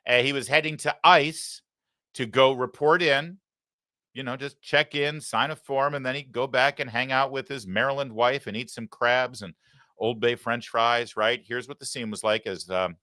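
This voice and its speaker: A man's voice: mid-range voice, fairly even intonation, normal speed, bright, forceful tone, no room sound. A man hosting a live political commentary show, talking in a sarcastic, mocking way into a studio microphone. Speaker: talk show host.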